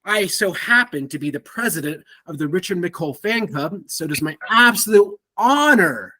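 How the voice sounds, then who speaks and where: A man's voice: sits high, very animated, moderate pace, sharp tone. A man as guest host of a podcast, interviewing a friend in a playful, enthusiastic, joking manner.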